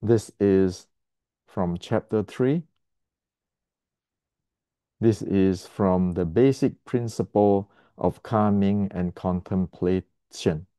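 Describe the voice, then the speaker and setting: Man teaching martial arts, blunt and emphatic, repeats himself, clears his throat, warm dark tone, dry close sound. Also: sits low, no echo. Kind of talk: explanatory lesson to camera.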